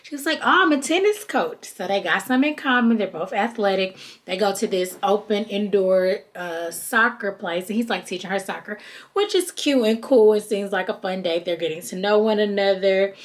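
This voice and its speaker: Chatty woman recapping a reality show. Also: mid-range voice. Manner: chatty and animated, acts out quoted people. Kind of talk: casual recap chat.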